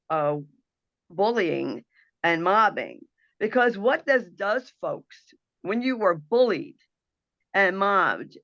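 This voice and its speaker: A woman's voice: medium pitch, a bit bright, no room sound, dull audio. A woman hosting an internet radio talk show, speaking in an earnest, emotional and impassioned monologue over a video call.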